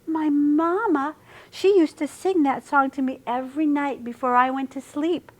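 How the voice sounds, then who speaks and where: A woman's voice: sits high, normal speed, pitched above the performer's own voice, lightly acted. A woman voicing a sly, hungry male wolf villain with an oily, teasing menace in a storybook reading. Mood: wistful.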